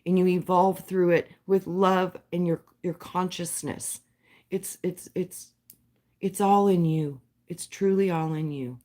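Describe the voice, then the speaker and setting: A woman's voice: lowish voice, fairly even intonation, unhurried, a little mellow. A woman hosting a livestream, talking to her viewers in a heartfelt, spiritual way. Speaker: livestream host. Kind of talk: casual livestream chat with viewers.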